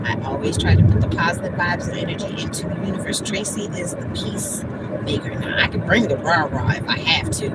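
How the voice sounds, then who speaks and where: A woman's voice: deep voice, fast, few pauses, very noisy. A woman, blunt and talking about herself by name in a casual livestream monologue. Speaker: vlogger.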